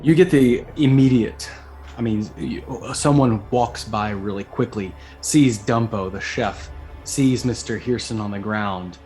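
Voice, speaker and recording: Low-voiced man narrating as dungeon master. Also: mellow, soft background music. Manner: measured storytelling, voices the characters briefly. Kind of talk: narrating a tabletop game.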